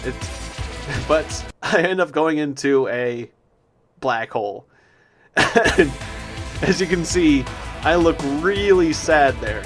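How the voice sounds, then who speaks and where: A man's voice: on the high side, slow, long pauses. A man hosting a gameplay recap, chatting casually with a self-deprecating, giggly manner and frequent restarts. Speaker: gaming video host. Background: loud game music.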